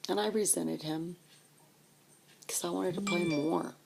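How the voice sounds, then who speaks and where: A woman in her fifties recalling her childhood, telling stories in an animated, reminiscing way. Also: on the low side, unhurried, gravelly, slight background noise. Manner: animated, reminiscing, acts out voices. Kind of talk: personal storytelling.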